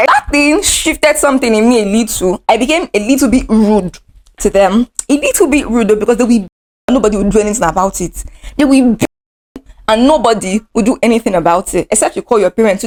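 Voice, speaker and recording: A young adult woman with a Nigerian accent, casually telling a dramatic story from her own life. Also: fairly high pitch. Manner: animated, dramatic retelling. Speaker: vlogger.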